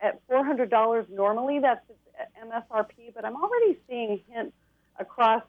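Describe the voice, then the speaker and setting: A woman's voice: fairly high pitch, expressive, dry recording. Upbeat woman on a tinny phone line. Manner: bubbly, enthusiastic, quick to laugh. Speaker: tech expert guest. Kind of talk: TV segment interview, product rundown.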